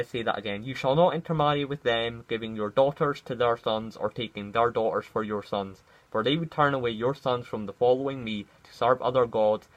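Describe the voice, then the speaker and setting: A man's voice: mid-range voice, poor audio. A man vlogging in casual, rambling commentary, with many fillers and restarts.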